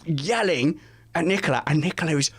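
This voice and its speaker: A man's voice: fairly quick, husky, no room sound. A man, chatting casually at home and telling family stories while acting out the voices of others. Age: 40s. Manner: animated storyteller, acts out family members in high voices. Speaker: podcast co-host. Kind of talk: casual chat.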